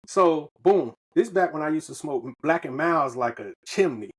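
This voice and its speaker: A man's voice: a little high, animated, moderate pace, slightly rough. A man from the US, telling a loose, profane story on a podcast in casual slang. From Southern United States. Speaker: podcast co-host.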